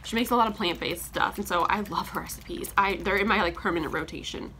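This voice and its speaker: A woman's voice: medium pitch, fast talker, sharp tone, a little hiss or hum. A young woman vlogger chatting casually while making breakfast in her kitchen, rambling with lots of "like" and small laughs, congested from a sinus infection and a little out of breath. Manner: chatty, rambling, heavy use of "like", frequent laughs. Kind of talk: casual chat while cooking. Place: home kitchen.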